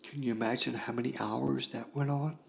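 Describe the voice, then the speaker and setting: An older man hosting a podcast, telling a solemn personal story in a slow, grave way with long pauses. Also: medium pitch, fairly even intonation, creaky. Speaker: podcast host.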